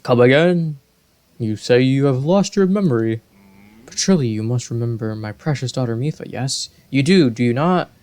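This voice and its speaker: A man voicing an aged, huge male fish-folk king in a video game, speaking formally and slowly. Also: medium pitch, lively intonation, darkish tone, close to an everyday voice. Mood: regal. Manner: formal, stately, slow and courtly.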